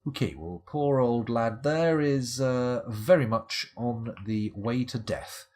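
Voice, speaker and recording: A man's voice: lowish voice, lively intonation, moderate pace, hardly any pauses, darkish tone. A man streaming live game commentary, with wry, rambling, self-mocking asides.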